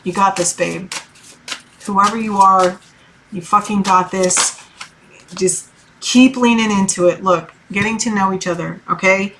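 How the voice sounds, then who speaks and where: A woman's voice: mid-range voice, steady tone, a little slow, pauses often, fairly bright tone, a little hiss or hum. Lady tarot reader just talking, swears a lot, says like constantly, hypes you up. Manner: loose and profane, heavy fillers, encouraging. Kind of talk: casual tarot reading monologue.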